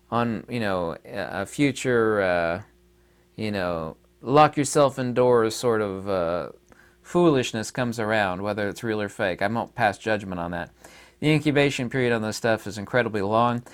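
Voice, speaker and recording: A man's voice: mid-range voice, clear, resonant tone. A man talking to his audience in a casual solo monologue, rambling and emphatic, with many fillers and restarts. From United States. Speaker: online commentator.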